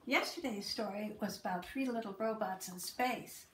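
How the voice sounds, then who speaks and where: A woman reading a children's picture book aloud in a gentle, lively storytelling manner. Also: mid-range voice, normal speed, slight background noise.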